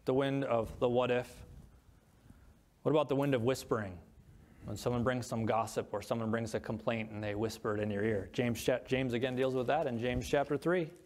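A man's voice: mid-range voice, steady tone, brisk, a little mellow. A pastor preaching a sermon, reading scripture aloud and stressing each word when he lists things.

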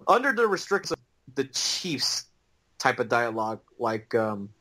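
A man's voice: medium pitch, sing-song, measured pace, a crowd in the background. A man co-hosting a casual podcast, talking hesitantly with ums and restarts. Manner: hesitant, many ums and restarts, laughs easily. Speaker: podcast co-host. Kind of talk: casual chat.

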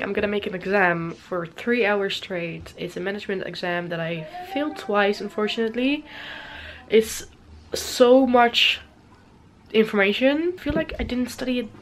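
A woman's voice: on the high side, moderate pace, a little hiss or hum. A young woman talking casually to her camera as a vlogger, chatty and self-deprecating with frequent giggles. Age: young adult. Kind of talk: casual vlog chat.

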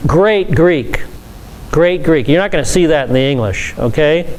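A man's voice: a little high, a little mellow, smooth. A pastor leading a Bible study, explaining scripture to a class in a conversational teaching manner with asides to his listeners.

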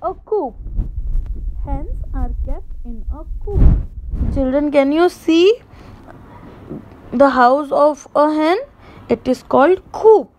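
A woman with an Indian English accent, teaching an online class to young children in a slow, sing-song way. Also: high voice, animated, darkish tone, a little hiss or hum, rough recording. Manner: slow, sing-song, mimics animal sounds for kids.

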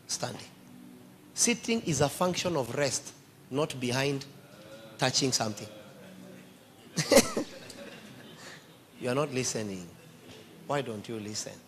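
A man's voice: mid-range voice, fairly bright tone, slight background noise. A man preaching a sermon, emphatically quizzing his congregation with questions.

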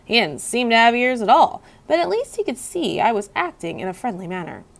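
A woman's voice: on the high side, brisk, creaky. Woman reading a children's book expressively. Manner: expressive storytelling. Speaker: reader.

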